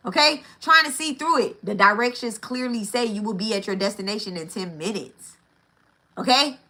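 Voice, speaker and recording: A woman's voice: mid-range voice, animated, moderate pace, pushed and bright. A woman giving a casual spiritual teaching, blunt and profane, repeating her points and often checking in with "right?" and "okay?". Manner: repeats key phrases for emphasis.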